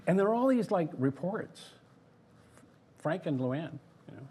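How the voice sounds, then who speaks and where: This older man's voice is a little high, a little slow, and husky. Formerly a theme park designer, he tells lively anecdotes in a casual interview, acting out others' words.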